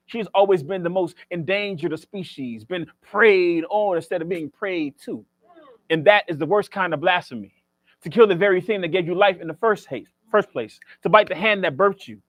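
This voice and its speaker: A man's voice: sits high, dry recording. A man performs spoken word poetry as the featured poet at a library reading, with a rhythmic, preacher-like cadence and joking banter between poems.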